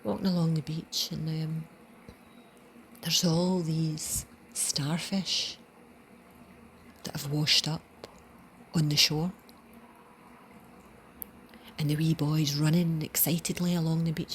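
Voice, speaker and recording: A woman with a Scottish accent giving an earnest spiritual reflection, dropping into soft whispers for emphasis. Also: low-pitched, steady tone, unhurried, pauses often, slight background noise. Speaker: channel host.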